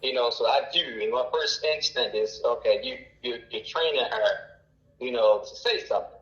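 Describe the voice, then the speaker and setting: A man around forty, a caller telling a long personal story in a halting, rambling way with many fillers. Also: medium pitch, lively intonation, fairly bright tone, roomy sound, dull audio. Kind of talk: casual storytelling.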